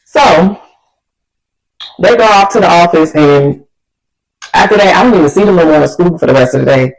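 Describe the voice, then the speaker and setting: Animated woman telling a storytime. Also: lowish voice, moderate pace, gravelly, low-quality recording. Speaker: vlogger. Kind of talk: storytime vlog.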